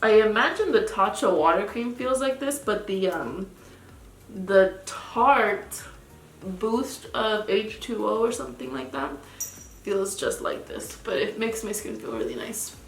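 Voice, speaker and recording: A woman's voice: medium pitch, measured pace, echoey room, a little hiss or hum. A woman doing a casual, chatty makeup tutorial, rambling with lots of filler words as she talks through each step. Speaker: beauty vlogger.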